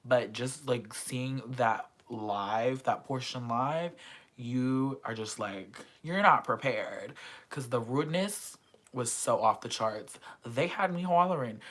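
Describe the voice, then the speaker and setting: A vlogger chatting casually and excitedly about a concert, full of slang and swearing. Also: mid-range voice, unhurried. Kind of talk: casual chat.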